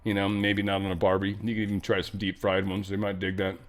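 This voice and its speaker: A man's voice: sits low, animated, fairly quick, few pauses. A man hosting a casual news commentary show, rambling through stories with profane, jokey asides. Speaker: show host.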